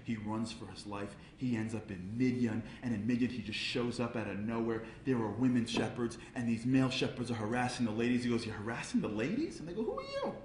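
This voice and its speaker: A man gives a comic storytelling speech at a charity event. He acts out voices and builds to loud peaks. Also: medium pitch, steady tone, a little fast, hardly any pauses, reverberant, a little hiss or hum. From Brooklyn, New York.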